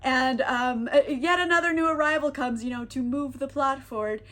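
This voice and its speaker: High-voiced woman, rambling and exasperated. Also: fairly bright tone. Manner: rambling, exasperated, laughing, acts out quick character voices. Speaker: book reviewer. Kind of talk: casual comedic recap.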